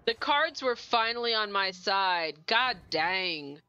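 A woman streaming a board game, chatting casually and mocking her own choices with rapid, animated questions. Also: medium pitch, clear, resonant tone, dry recording, dull audio. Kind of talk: casual live-stream chat.

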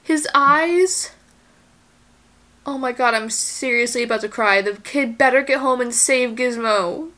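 A woman's voice: a little high, fairly even intonation, moderate pace, few pauses, pushed and bright. A woman giving casual commentary as she reacts to a movie, exclaiming and gasping at the screen, anxious and near tears for the characters.

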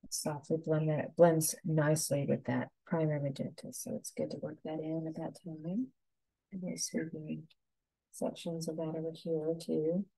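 A woman teaching a painting lesson, giving soft, unhurried step-by-step instructions. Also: low voice, little pitch movement, gravelly, breathy edge, no room sound, rough recording.

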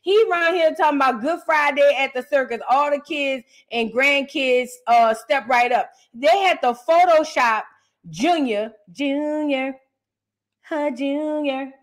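A woman's voice: sits high, normal speed, hardly any pauses. A woman hosting a casual reaction show, talking in a brash, mocking and profane way. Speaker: host.

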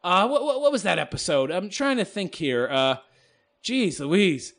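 A man's voice: high-pitched, sing-song, unhurried, a bit bright. A man hosting his own channel, reading out hateful comments and answering them in a scornful, rambling monologue full of laughter. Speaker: channel host responding to comments.

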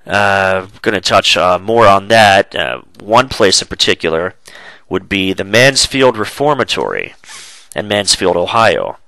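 A man's voice: sits low, big pitch swings, bright, forceful tone, no room sound, poor audio. Congested man hosting web radio. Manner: chatty, loose, with many filler pauses. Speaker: radio show host. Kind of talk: casual web radio talk show.

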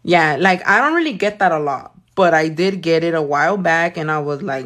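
A woman's voice: deep voice, lively intonation, a little fast, few pauses, fairly bright tone. A young woman doing her nails while chatting with live viewers, blunt and sassy, swearing often. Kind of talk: casual chat with live viewers.

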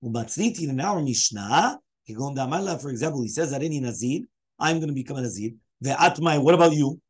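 A man's voice: mid-range voice, expressive, quick pace, breathy edge. A man, a rabbi, teaching a Talmud lesson, explaining step by step as he poses questions and answers them.

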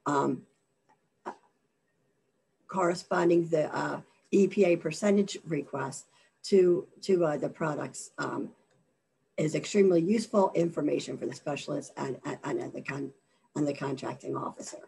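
Husky low-voiced woman presenting a webinar. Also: fairly even intonation, mellow. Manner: halting, many fillers and repeated words. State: losing her voice from allergies. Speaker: government contracting presenter.

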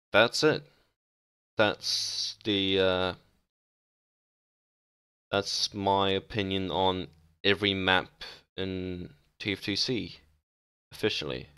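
A man's voice: lowish voice, fairly bright tone, smooth, no echo, clean studio sound. A young man talking casually and hesitantly about game maps, with many ums and restarts. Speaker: gaming video creator. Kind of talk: casual game map ranking commentary.

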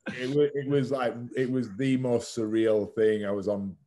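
With a warm, level, medium-pitched voice at a moderate pace, a man in his thirties recounts his story as a podcast guest. He's candid and conversational, swears now and then, and uses "like" a lot.

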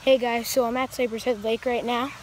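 High-voiced excitable woman vlogging outdoors. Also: a little fast, poor audio. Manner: excitable, chatty, many fillers. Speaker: fishing vlogger. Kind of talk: casual outdoor vlog. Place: outdoors at a lake. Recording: outdoor noise behind the voice.

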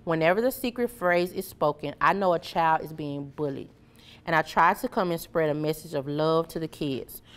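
Storybook hero, gentle caped man, steady and encouraging, lowish voice, read by a woman. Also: normal speed, natural voice. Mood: reassuring. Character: kind caped male superhero, gentle and reassuring.

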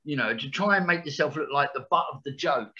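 Man, sixties, actor guest: blunt and forceful, swears, stammers into restarts, lo-fi sound. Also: fairly high pitch, expressive, quick pace, breathy edge. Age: 60s. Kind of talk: candid podcast interview.

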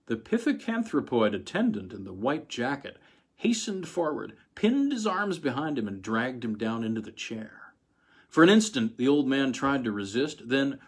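A man reading a story aloud in a measured, dramatic narration. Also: mid-range voice, very animated, breathy edge. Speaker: audiobook reader.

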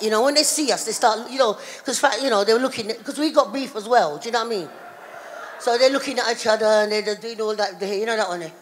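A middle-aged woman performing a stand-up comedy routine, telling an animated story full of voiced characters. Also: on the high side, a little hiss or hum. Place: town hall stage. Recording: live in a reverberant hall.

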